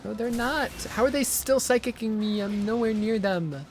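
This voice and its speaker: A man's voice: sits high, normal speed. A man streaming a game live, swearing and talking back at the game in exasperated bursts. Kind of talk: live gameplay commentary.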